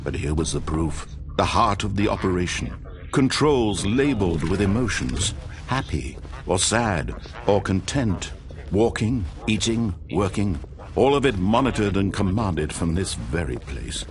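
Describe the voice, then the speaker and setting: Omniscient game narrator, measured and dramatic, fairly low voice. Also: male voice, sing-song, slight background noise. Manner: measured, dramatic, rising to intense. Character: grave omniscient male narrator. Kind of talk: scripted storybook-style narration. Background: loud game music.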